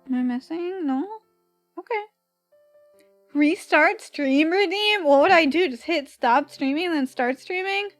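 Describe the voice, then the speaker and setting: A woman's voice: high voice, no echo. A young woman with a Valley girl accent, chatting casually on stream while drawing, giggly and full of "like" fillers.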